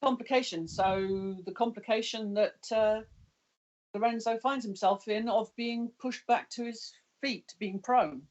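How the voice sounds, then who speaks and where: A woman's voice: fairly high pitch, steady tone, a little slow, darkish tone. A woman player in a tabletop game, reading rules aloud carefully in casual chat. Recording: dull lo-fi call audio.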